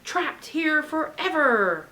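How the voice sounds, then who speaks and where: A woman voicing a menacing male pirate ghost captain who booms and laughs mockingly in a storybook reading. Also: very animated, slow pace, a bit bright, full character voice.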